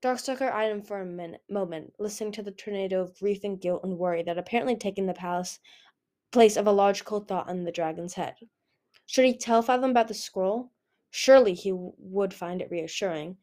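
A woman's voice: mid-range voice, a little fast, warm tone. A woman narrating a fantasy novel chapter as a fan audiobook, reading steadily and often correcting herself. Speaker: audiobook reader.

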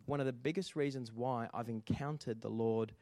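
A pastor gives a sermon in a lively, story-driven style, regularly calling out to the congregation at a moderate pace. His pitch is an ordinary middle range, and the recording is dry and close with very little room echo.

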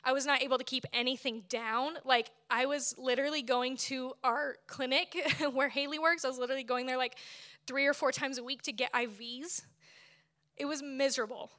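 A woman in her thirties giving a sermon at church, telling a personal story in an expressive way that often breaks into laughter. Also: high-pitched, moderate pace. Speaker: speaker at church.

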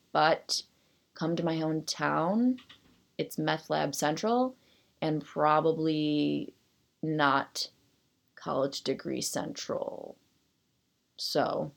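A woman hosts her own podcast alone, reading from an article and wandering off into self-deprecating tangents. Her voice sits low, with a gravelly fry running through it. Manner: self-deprecating, rambling asides between read passages. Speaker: podcast host. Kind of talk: solo podcast chat, reading an article aloud.

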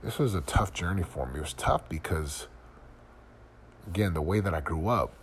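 A middle-aged man with a very low voice talks through a personal reflection for his podcast. His delivery is earnest and confessional, full of searching questions. A faint hum of room ambience sits behind him. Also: moderate pace. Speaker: podcast host.

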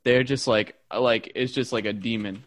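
A man's voice: medium pitch, steady tone, moderate pace, dry recording, clean studio sound. A man rambling casually with friends, filling his talk with "like" and "dude". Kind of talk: casual comedic chat.

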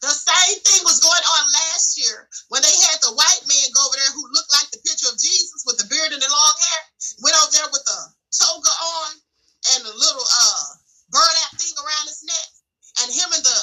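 A woman's voice: high voice, expressive, normal speed, sharp tone, rough recording. A woman hosting a podcast, telling stories in a chatty way and calling people honey. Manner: chatty storyteller, calls listeners honey. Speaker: podcast host. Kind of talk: casual commentary podcast.

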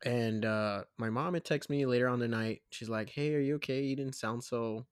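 A man's voice: mid-range voice, moderate pace, smooth, dry recording, clean studio sound. A young man co-hosting a casual podcast chat, laid-back, laughing often and acting out what his relatives said. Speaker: podcast co-host.

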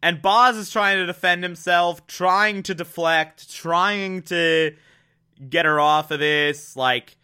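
A man giving an excitable, emphatic recap of a TV episode, laughing often and acting out the characters' lines. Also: sits high, slow pace, smooth. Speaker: TV show reviewer. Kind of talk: casual recap commentary.

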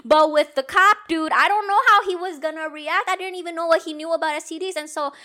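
A woman's voice: very high-pitched, fast, pushed and bright. A young woman hosting a podcast, telling a story in rambling casual chat with swearing and frequent laughs. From Indonesia. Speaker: podcast host.

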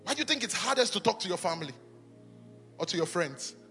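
High-pitched impassioned man preaching. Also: sing-song, fast. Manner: impassioned, often shouting and sing-song cadence. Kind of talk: sermon. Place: church auditorium. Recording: echoey hall with faint music.

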